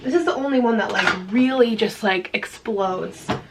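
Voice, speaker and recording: A woman beauty vlogger chatting casually while doing her makeup, bubbly and laughing often, dropping into hushed asides. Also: medium pitch, normal speed, noisy background. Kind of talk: casual get-ready-with-me chat.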